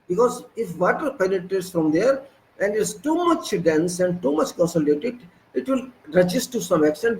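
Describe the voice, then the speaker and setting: A man's voice: sits high, darkish tone, rough recording. A man lecturing on building construction. He is emphatic and scolds his listeners with rhetorical questions. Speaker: engineering instructor.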